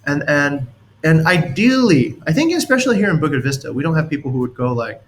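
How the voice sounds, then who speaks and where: A man's voice: a little high, big pitch swings, brisk, a little hiss or hum. Man giving a rambling leadership talk. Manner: rambling and anecdotal, chuckles while explaining. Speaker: team leader.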